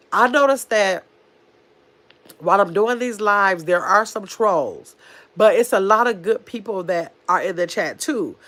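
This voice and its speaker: A woman's voice: medium pitch, a bit bright. Woman, casual livestream host, chatty and easygoing, reads comments aloud. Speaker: livestream host reading chat.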